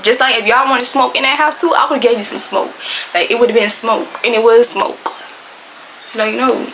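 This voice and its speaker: Young woman, slangy and animated, kinda high voice, faint hum behind. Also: moderate pace, poor audio. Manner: animated, emphatic, slangy and playful. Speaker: storytime vlogger. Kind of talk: casual storytelling to camera.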